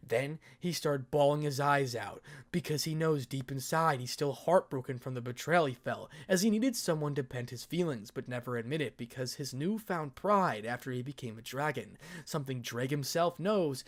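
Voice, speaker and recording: A man narrating an amateur fan fiction story in a plain, steady reading voice. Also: medium pitch.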